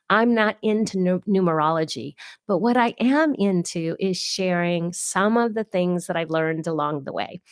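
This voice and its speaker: A woman's voice: on the low side, no echo, studio quality. A middle-aged woman hosting a solo podcast, talking in an upbeat, chatty and personal way. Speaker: podcast host.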